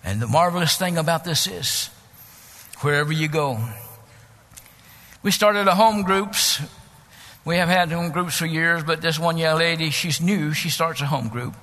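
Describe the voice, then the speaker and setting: High, bright man preaching. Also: measured pace, long reverb tail. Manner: preaching with rising shouts and hushed passages. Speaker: pastor. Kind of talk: sermon.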